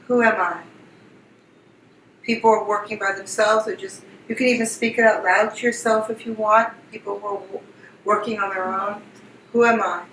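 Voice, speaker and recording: A woman facilitator leads a group through a guided exercise, repeating gentle questions and prompts. She is picked up from a distance in a roomy indoor space, with a faint hum of ambience behind her. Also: mid-range voice, fairly even intonation, normal speed. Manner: repetitive, soothing coaching prompts. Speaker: workshop facilitator.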